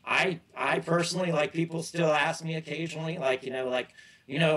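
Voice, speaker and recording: A man's voice: a little high, fairly even intonation, fast, a bit bright, poor audio. A middle-aged man as an interview guest, telling loose, rambling stories in casual chat and often restarting his sentences.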